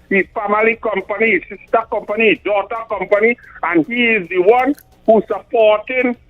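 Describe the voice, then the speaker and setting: A middle-aged man with a Trinidadian accent, hosting a talk radio show and giving emphatic political commentary, often stumbling over numbers. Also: high voice. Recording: tinny phone-like radio sound.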